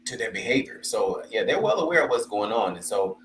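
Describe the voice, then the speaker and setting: A man hosting a relaxed talk show, thinking out loud with easygoing, filler-laden phrasing. His voice sits fairly low. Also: fairly quick, reverberant, a little hiss or hum, poor audio. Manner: easygoing and reflective, with frequent fillers. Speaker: host. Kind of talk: casual chat.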